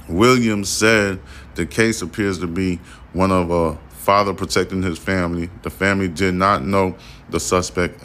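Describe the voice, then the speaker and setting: A man's voice: low-pitched, fairly bright tone. A man hosting a podcast, reading a news story and then ranting about it in a blunt, profane, slangy way. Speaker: podcast host. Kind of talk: casual news commentary.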